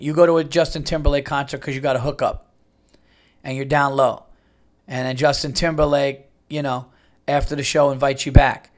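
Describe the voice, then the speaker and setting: A man in his late thirties telling stories in a casual, profane monologue, acting out quotes in raised voices. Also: fairly high pitch. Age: late 30s. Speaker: podcast host.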